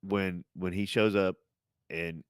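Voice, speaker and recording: A man co-hosting a casual movie podcast, rambling and excitable, swearing and restarting sentences. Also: low voice, slow, clean tone, no echo, studio quality. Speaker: podcast co-host. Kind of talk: casual chat about movies.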